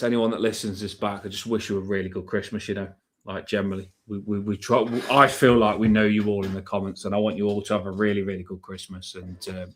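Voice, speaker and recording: Excitable scouse fan podcaster. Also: male voice, lowish voice. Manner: excitable, hyping himself up. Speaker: podcast co-host. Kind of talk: casual fan podcast chat.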